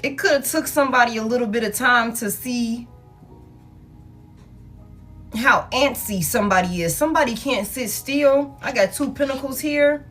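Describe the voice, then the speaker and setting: A woman giving a casual tarot reading in a blunt, profane, animated way, repeating herself for emphasis. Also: on the high side, moderate pace, soft background music. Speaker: tarot reader.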